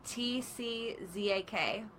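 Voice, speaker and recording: A woman's voice: a little high, slow, a bit bright. A woman in her thirties, a guest on a talk radio show, sharing upbeat stories in casual chat.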